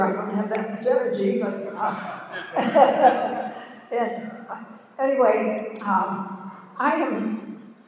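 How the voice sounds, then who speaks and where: A woman's voice: on the high side, slight background noise. A woman in her eighties from Pittsburgh, telling a story casually with lots of fillers and laughter. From Pittsburgh, Pennsylvania. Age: 80s. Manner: chatty, laughing often, many fillers and "you know". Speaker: speaker sharing her recovery story. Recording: echoey hall, mic at a distance.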